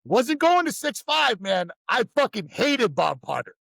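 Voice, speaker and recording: A man's voice: very high-pitched, very animated, a little slow, vocal fry, a bit bright, breathy edge, no echo. A man co-hosting a podcast, telling rambling, profane stories in a casual chat. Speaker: podcast co-host.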